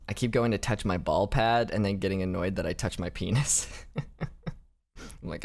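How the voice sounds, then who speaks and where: Young man, casual vlog diary, rambling, self-deprecating, halting. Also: on the low side, creaky. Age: young adult. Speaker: vlogger.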